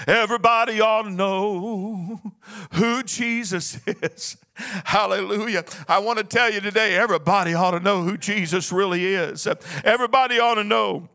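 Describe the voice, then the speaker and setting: A man preaches a sermon in a strikingly high, bright, forceful voice. He drops to a low murmur and then rises into chanted, sing-song shouting. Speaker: pastor.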